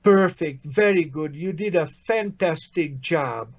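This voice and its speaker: A man with a fairly high voice teaches a language lesson at a slow, unhurried pace. He sounds patient and encouraging and praises his student often. The recording is a little dull and muffled.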